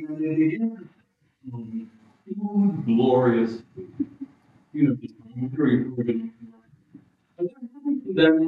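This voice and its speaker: A man preaching a sermon in a church, telling a story with halting restarts and rising emphasis. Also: a little high. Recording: distant, roomy, muffled hall sound.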